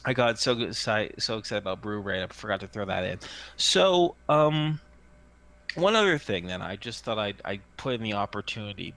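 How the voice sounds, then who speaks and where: A man's voice: fairly low pitch, a bit bright. A man narrating a tabletop game as game master, chatty and full of restarts. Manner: chatty, many fillers and restarts.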